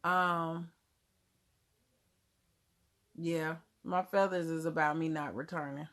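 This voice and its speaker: A woman from Germany with a Southern US accent hosts a casual livestream, reading and answering viewer comments and laughing often. Her deep, slightly bright voice is steady and slow, and she drops words and uses casual grammar.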